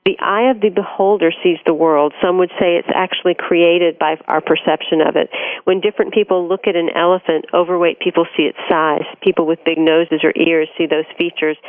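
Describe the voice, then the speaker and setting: Show host, mid-pitched, smooth scripted intro, dry tinny phone-like audio. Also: little pitch movement, brisk, dry recording. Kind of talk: interview.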